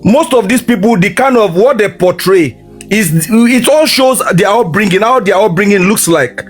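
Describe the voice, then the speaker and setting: A man's voice: high-pitched, expressive, normal speed, slightly rough, soft background music. A man lecturing emphatically on a livestream, repeating his questions. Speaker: livestream debater. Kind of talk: heated livestream argument.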